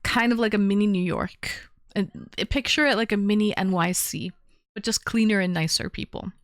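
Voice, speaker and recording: A woman's voice: mid-range voice, moderate pace, dry recording, studio quality. A woman from Toronto, a full-time streamer, chatting casually on a livestream as she unboxes gifts and answers viewers from chat. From Toronto, Canada. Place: home, small town.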